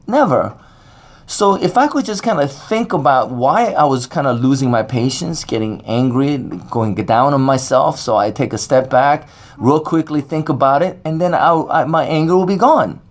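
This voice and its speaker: Rambling middle-aged man giving a talk. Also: a little high. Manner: rambling and conversational, many fillers and restarts. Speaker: speaker at a faith talk. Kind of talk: casual talk on scripture.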